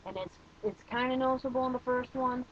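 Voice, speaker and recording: A man's voice: very high voice, fairly even intonation, fast talker, a bit bright, dull audio, slight background noise. A man giving a casual spoken movie review, hesitant and rambling, with many fillers and blunt opinions.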